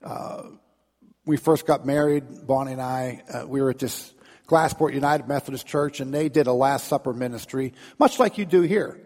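A middle-aged man preaching a folksy storytelling sermon, halting and repeating words as he acts out crowds and sounds. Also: mid-range voice, darkish tone, in a large hall. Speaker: pastor.

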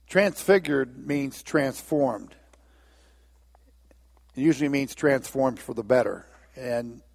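A man's voice: fairly high pitch, creaky, a little mellow, long reverb tail. A man preaching a sermon, telling Bible stories and briefly acting out the voices of the people in them. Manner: storytelling, acts out voices of biblical figures.

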